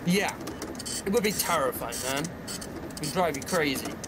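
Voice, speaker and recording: A man's voice: a little high, expressive, moderate pace, background noise. A teenage boy hosting a gameplay stream, chatting casually with a co-host and rambling with many fillers. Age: teens. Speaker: gaming channel host.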